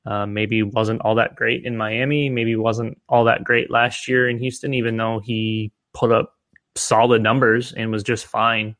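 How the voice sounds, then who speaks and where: Male podcast co-host, casual rambling delivery, middle pitch, dry close mic. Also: flat delivery, a little slow, fairly bright tone, no room sound. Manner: rambling, many restarts and fillers. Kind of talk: casual fantasy football discussion.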